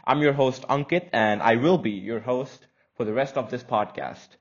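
A man's voice: medium pitch, moderate pace, lo-fi sound. A young man from India with an American-leaning accent, hosting a casual solo podcast in a chatty, rambling, self-conscious way. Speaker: podcast host.

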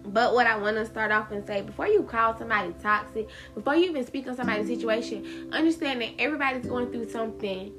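A woman's voice: fairly high pitch, quick pace, hardly any pauses. A woman hosting a solo podcast, talking candidly and with plenty of profanity, her words running together. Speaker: podcast host. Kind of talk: casual solo podcast monologue. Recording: guitar music playing behind.

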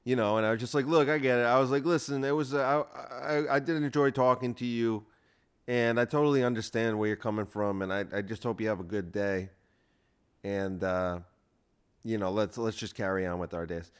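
A man hosting a podcast, telling a story in a casual solo monologue that rambles, restarts often, and acts out what other people said. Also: medium pitch. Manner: frequent restarts and filler words. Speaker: podcast host.

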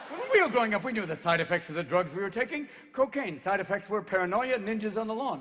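A man in his fifties performing a rapid-fire stand-up comedy routine live on stage, jumping into voices. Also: sits high, very animated, fairly bright tone, in a large hall, slight background noise. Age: 50s. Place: live stage before an audience.

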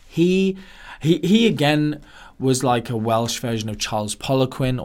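A man hosting a solo podcast, ranting sarcastically and mocking other people in put-on voices. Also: mid-range voice. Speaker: podcast host.

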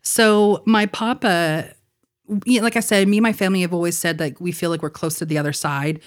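A young woman co-hosts a podcast, sharing a personal story in casual conversation. She laughs often and leans on fillers like "like" and "you know." Her voice is lowish and fairly quick, with fairly even intonation.

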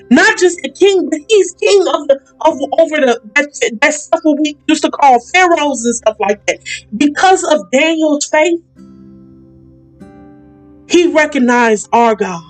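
An excitable woman gives a casual, rambling Bible talk for a podcast, her voice high and bright. Soft music hums faintly underneath. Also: low-quality recording. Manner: excitable, rambling, uses y'all. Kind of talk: casual preaching.

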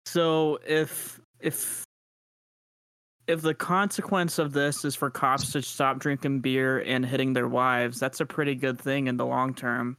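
A man's voice: mid-range voice, little pitch movement, measured pace, fairly bright tone, smooth, dry recording. A man co-hosting a podcast in casual chat, dropping sardonic one-liners.

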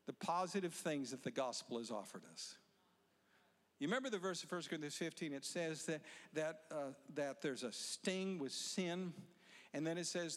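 Man, pastor, high voice, emphatic sermon, long hall reverb. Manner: emphatic preaching, building to loud exhortation.

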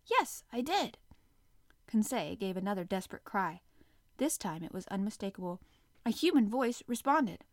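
Expressive woman reading an adventure novel. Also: medium pitch, normal speed, no room sound, clean studio sound. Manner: expressive, dramatic first-person storytelling. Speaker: audiobook narrator. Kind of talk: reading a classic novel aloud.

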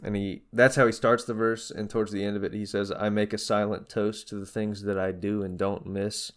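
A man's voice: on the low side, little pitch movement, a little fast. Rambling young man in casual podcast chat. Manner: rambling, many fillers and restarts. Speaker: podcast co-host. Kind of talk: casual chat about music.

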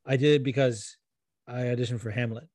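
A man's voice: medium pitch, fairly even intonation, brisk, darkish tone, no room sound, clean studio sound. A man co-hosting a podcast, joking and swearing in casual chat. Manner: joking, swearing, mock-boastful voices in quotes. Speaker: podcast co-host.

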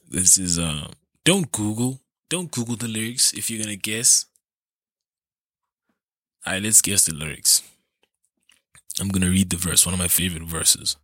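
A man with a deep voice and a bright, forceful edge, chatting alone on his own show. He rambles, cuts himself off mid-sentence and laughs at his own slips. The sound is close and dry. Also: no room sound. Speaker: podcast host. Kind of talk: casual solo chat.

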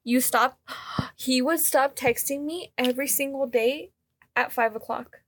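High-voiced young woman telling a story. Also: measured pace, a little hiss or hum. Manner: animated storyteller, quotes people, swears freely. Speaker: podcast co-host. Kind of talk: casual storytelling chat.

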